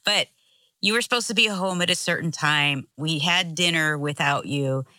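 A middle-aged woman co-hosting a casual chat, telling a story with animated energy and frequent laughs. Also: low-pitched, moderate pace, dry recording. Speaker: co-host.

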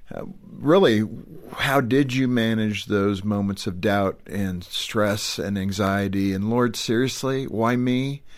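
A man hosting an interview in a calm, conversational way. His voice is fairly low, and he leads his guests along with gentle, probing questions. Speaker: host.

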